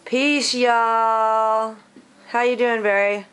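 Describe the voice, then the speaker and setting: A woman's voice: a little high, little pitch movement, very slow, fairly bright tone, clear, resonant tone, low-quality recording. A woman filming at home, cooing to her cat in singsong baby talk. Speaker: pet owner filming at home. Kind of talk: casual home video. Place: own house.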